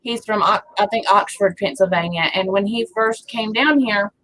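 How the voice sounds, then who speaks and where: A woman's voice: mid-range voice, normal speed, fairly bright tone, slight background noise, low-quality recording. A woman co-hosting a casual farm livestream, telling stories and laughing often. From rural United States. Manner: laughing, chatty storyteller. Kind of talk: casual live chat.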